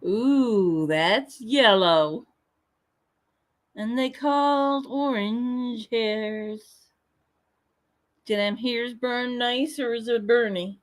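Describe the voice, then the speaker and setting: A woman's voice: a little high, drawn-out words, pauses often. A woman hosting a casual livestream, joking and swearing freely as she chats with viewers. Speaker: livestream host.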